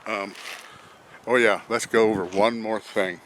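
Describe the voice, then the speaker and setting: A vlogger reviewing a truck job talks outdoors by his truck, his voice lowish and fairly bright, fairly even in intonation and measured in pace, with a little hiss or hum. He rambles, chuckles and talks to himself while working, winded from bending over.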